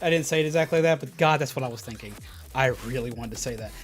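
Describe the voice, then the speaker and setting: A man streamer telling a casual, animated, rambling story about a retail customer, often restarting his sentences. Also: mid-range voice, very fast, faint music behind.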